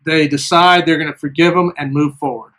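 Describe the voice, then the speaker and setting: A man's voice: fairly high pitch, fairly even intonation, fairly quick, fairly bright tone. A man vlogging in a casual monologue, telling a story and acting out what others said. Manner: storytelling, acts out quoted voices.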